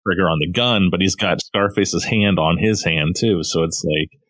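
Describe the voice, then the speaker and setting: A man co-hosting a podcast, relaxed and chiming in with short agreements during a casual chat about comics. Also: low voice, moderate pace, no room sound. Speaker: podcast co-host. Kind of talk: casual comic book discussion.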